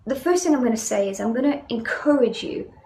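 South African woman preaching, gravelly voice. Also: on the high side, expressive, a little fast, dark tone, a little hiss or hum. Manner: conversational, storytelling, many fillers. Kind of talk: sermon.

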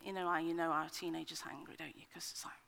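A woman's voice: deep voice, fairly even intonation, fast, vocal fry, a bit bright. A middle-aged woman giving an earnest, conversational personal-testimony sermon, with frequent ums and restarts. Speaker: speaker at a church meeting. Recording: hall with long reverb.

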